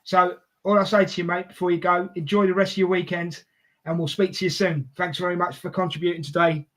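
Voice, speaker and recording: A Scottish man with a London accent co-hosts a live football watchalong, chatting in a lively, fast way and reading out messages from viewers. His voice is high.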